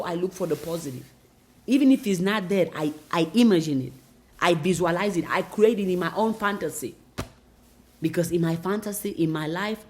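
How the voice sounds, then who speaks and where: A woman's voice: lowish voice, darkish tone. A woman giving a motivational monologue in an emphatic, repetitive, preaching manner. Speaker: motivational speaker.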